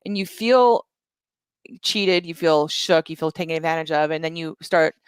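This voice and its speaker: A woman speaking as a podcast guest, lively in her storytelling and full of asides and self-corrections. Her voice sits a little low, and the sound is close and dry. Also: clean tone, dry recording. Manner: vivid retelling with quick asides and restarts. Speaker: guest entrepreneur. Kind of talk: animated storytelling in conversation.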